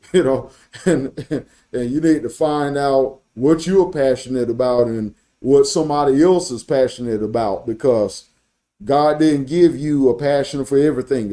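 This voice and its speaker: A man's voice: a little high, dark tone. A man hosting a faith-based podcast, preaching in a motivational sermon style and quoting scripture. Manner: preachy, repeats and restarts words, quotes scripture. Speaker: podcast host and Christian business coach.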